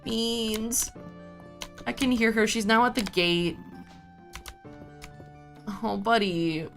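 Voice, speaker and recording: Playing a game on stream, this woman drifts between topics as she chats casually with her audience and responds to chat. Her fairly high voice takes things slowly, with soft music in the background.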